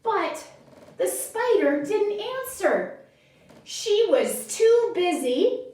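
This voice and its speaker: A woman leading a children's yoga class and telling a story, gently cueing breaths and moves and praising often. She sounds far from the mic in an echoey room. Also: very high-pitched, sing-song, very slow. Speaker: kids' yoga teacher.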